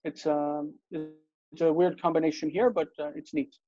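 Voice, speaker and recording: A man's voice: on the high side, little pitch movement, normal speed, dark tone, muffled recording. A man teaching a Hebrew reading class on a video call, patiently explaining grammar with examples.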